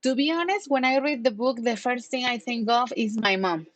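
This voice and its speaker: In an online English class, a patient teacher from Mexico explains terms and asks her students questions at a moderate pace. Her fairly high voice is captured close to the mic, dry and free of echo.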